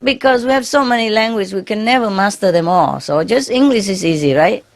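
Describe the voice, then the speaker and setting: A woman's voice: medium pitch, animated, a little fast, vocal fry. A woman giving an informal spiritual talk to her followers, chatty and laughing often, tagging her phrases with "yeah?" and speaking English as a second language with many fillers and restarts. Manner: non-native English grammar, frequent fillers and restarts. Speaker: spiritual teacher.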